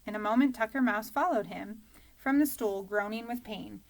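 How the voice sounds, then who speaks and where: A woman narrating a children's storybook in a calm, even reading voice. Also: fairly high pitch, normal speed, creaky. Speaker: audiobook reader.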